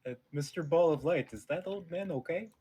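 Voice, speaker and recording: A man's voice: fairly high pitch, brisk, warm tone, slightly rough. A man role-playing in a tabletop game, speaking hesitantly and sounding puzzled. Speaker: player. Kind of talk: in-character role-play.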